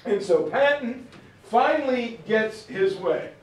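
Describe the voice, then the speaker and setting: A man giving an informal history lecture from a map, telling it as a story, acting out quotes and clearing his throat now and then. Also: very high voice, animated, slow pace, distant mic. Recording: roomy sound from off-mic.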